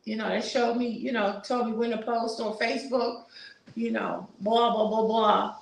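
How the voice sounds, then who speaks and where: A woman's voice: on the high side, flat delivery, moderate pace, gravelly, echoey room, slight background noise, poor audio. A woman in her sixties hosting a casual live stream, chatting with viewers and reading their comments aloud, with churchy asides. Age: 60s. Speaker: YouTube host reading live chat.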